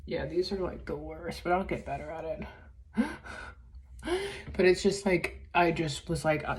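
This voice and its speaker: A woman talking in a casual confessional vlog, halting, with many fillers and restarts. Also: low voice, a little mellow, slight background noise. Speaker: vlogger.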